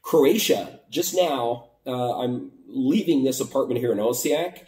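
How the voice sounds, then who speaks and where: A man's voice: mid-range voice, expressive, a little slow, warm tone, reverberant, distant mic. A man from the United States casually retelling a border crossing story, acting out both sides of the conversation. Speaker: vlogger.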